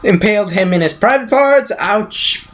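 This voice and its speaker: A man's voice: mid-range voice, animated, a little slow. A man giving a casual, rambling movie recap, swearing freely, correcting himself as he goes and acting out the scenes. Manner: restarts and self-corrections. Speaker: movie reviewer.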